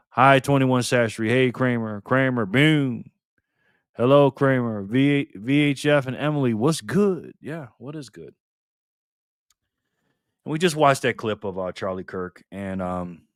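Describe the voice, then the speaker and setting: A man's voice: medium pitch, no echo, studio quality. A man hosting a casual live stream, greeting viewers by name in a loose, chatty way with plenty of fillers. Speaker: live stream host reading chat.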